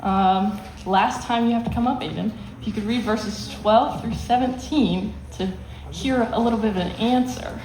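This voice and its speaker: A woman's voice: on the high side, normal speed, a little mellow. Woman, youth Bible teacher, plain explanatory delivery, reverberant room with faint hiss. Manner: explains plainly, acts out quotes with emphasis. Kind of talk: teaching a Bible lesson to students.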